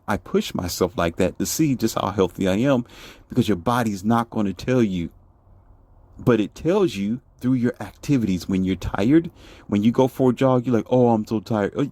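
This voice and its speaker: A man telling a casual, animated and boastful story with many rhetorical questions. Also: lowish voice, dry recording. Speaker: vlogger. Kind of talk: casual monologue.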